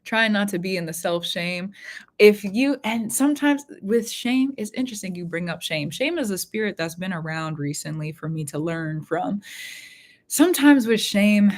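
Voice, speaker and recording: A woman's voice: medium pitch, expressive, normal speed. A woman hosting a spiritual reading live stream from her room at home, talking in a rambling, heartfelt way and repeating her phrases. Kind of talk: casual live-stream talk.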